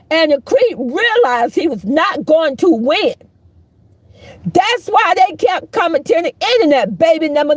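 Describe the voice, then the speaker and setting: A woman's voice: very high-pitched, no echo. A middle-aged woman giving heated, profane, preachy live-stream commentary, mocking the people she talks about.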